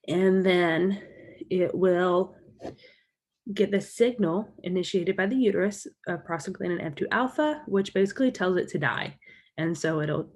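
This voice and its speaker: A woman with a lowish voice lectures as a college instructor in a recorded lecture. She walks through her slides and recaps the key points of the topic.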